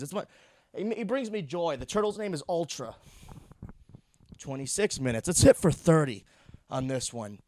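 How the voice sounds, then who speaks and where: A young man hosting a solo podcast, rambling crudely, swearing, and laughing at his own dark jokes. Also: medium pitch, animated, a little fast, dry recording. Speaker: podcast host.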